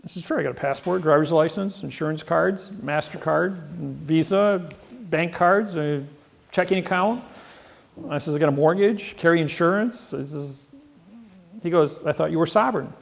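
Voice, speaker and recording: Gravelly boastful guy rambling thru seminar stories, repeats himself a lot. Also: on the high side, moderate pace. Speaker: seminar speaker. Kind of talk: seminar talk, storytelling to an audience. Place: seminar room.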